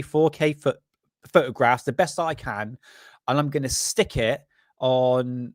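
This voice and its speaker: A man's voice: fairly high pitch, dry recording, studio quality. A middle-aged British man hosting a casual livestream, reading aloud from an old magazine in a rambling, joking way with crude asides and chuckles. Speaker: livestream host.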